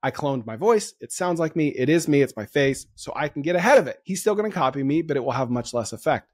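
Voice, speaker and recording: A man hosting a podcast in casual chat, excitable and quick to laugh as he riffs on ideas. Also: on the high side, no room sound. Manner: excitable, laughs easily, rapid riffing. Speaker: podcast host.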